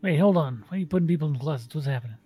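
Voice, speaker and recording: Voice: medium pitch, lively intonation, racing, mellow, slightly rough, dry recording. Game master playing a cautious guard captain. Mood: puzzled.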